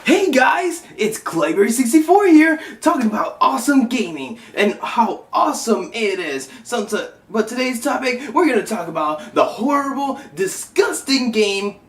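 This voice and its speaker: A man's voice: very high-pitched, big pitch swings, normal speed, hardly any pauses, echoey room, pitched above the performer's own voice. A man voicing an upbeat young male gaming reviewer alter ego with exaggerated enthusiasm. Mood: hyped. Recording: distant mic, faint background noise.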